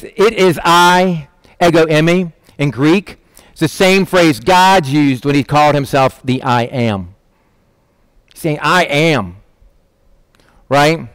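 A man preaching with a fairly high, animated voice, recorded close and dry with no room sound. He keeps his sermon conversational, checks in with his listeners and jumps into little voices for the people he quotes. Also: clean tone, dry recording. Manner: lively, acts out quotes in voices, asks "right?".

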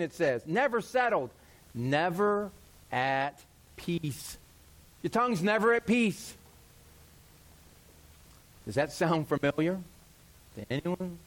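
A middle-aged male pastor preaching with a noticeably high voice. He is animated and conversational, slips into quick acted-out voices, and jokes at his own expense. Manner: animated, acts out quoted voices, self-deprecating humor. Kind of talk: sermon.

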